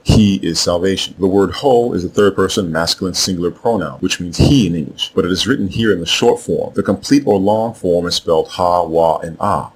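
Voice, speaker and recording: A man giving a scripted religious lesson, slowly and deliberately spelling out words letter by letter. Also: deep voice, slight background noise. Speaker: religious teacher. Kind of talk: scripted explanatory narration.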